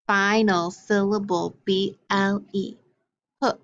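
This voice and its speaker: A woman teacher leading a phonics lesson for young learners, clearly sounding out words and letters. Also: medium pitch, steady tone, slow pace, fairly bright tone, dull audio.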